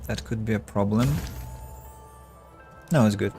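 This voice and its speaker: A man streaming a game, thinking aloud in halting casual commentary, his voice tired and fading. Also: on the low side, fairly even intonation, mellow, faint music behind. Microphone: earbuds.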